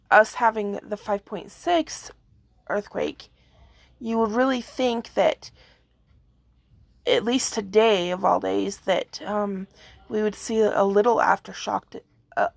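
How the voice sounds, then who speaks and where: A hoarse woman with a rambling manner, giving a casual video update on earthquakes. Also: a little high, no room sound. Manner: rambling, frequent fillers and yawns. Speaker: earthquake forecast vlogger.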